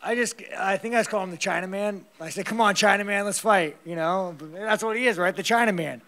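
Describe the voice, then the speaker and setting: A fighter answering press conference questions in a blunt, rambling, heavily profane way, laughing often. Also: male voice, high-pitched, fast, a bit bright.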